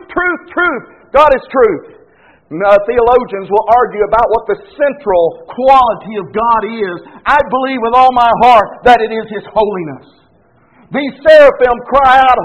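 Man, pastor, sermon, very high voice, emphatic, repeats key words, muffled lo-fi sound.

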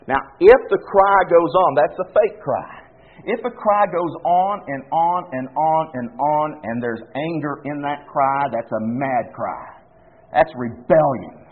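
A male preacher delivers an emphatic sermon, his pitch leaping and falling as he presses each point. His voice is slightly raised and husky. The recording sounds thin and tinny, like a phone line. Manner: animated, emphatic, repeats phrases.

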